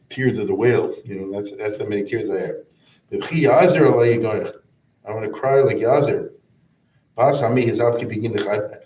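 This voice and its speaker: Picked up by a distant microphone in a room full of echo, a rabbi delivers an informal explanatory lecture to his class. His male voice is mid-range and a little mellow. He keeps it conversational, chanting Hebrew verses, translating them, and wandering into many asides.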